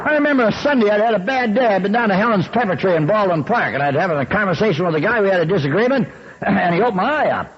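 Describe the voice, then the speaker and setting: A man in his sixties telling his recovery story with wry, folksy humor, often clearing his throat. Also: sits high, animated, quick pace, muffled recording.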